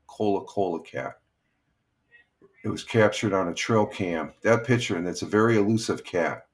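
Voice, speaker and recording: Rambling older man hosting a stream. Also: lowish voice. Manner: rambling, halting with many fillers. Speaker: livestream host. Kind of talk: casual morning chat.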